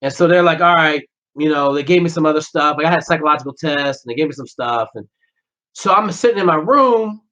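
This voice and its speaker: Fast-talking and forceful, a former Navy SEAL with a high-side, bright voice tells a profane, blunt story as a podcast guest, performing the dialogue. The casual interview comes through slightly dull, lo-fi podcast audio.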